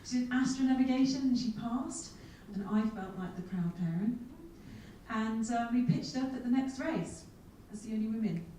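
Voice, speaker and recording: A woman's voice: a little high, normal speed, a little hiss or hum. A woman, giving a humorous keynote talk full of self-mocking asides. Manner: lively, self-mocking storyteller with comic asides. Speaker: keynote speaker. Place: large conference hall. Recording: echoey hall, speaker far from mic.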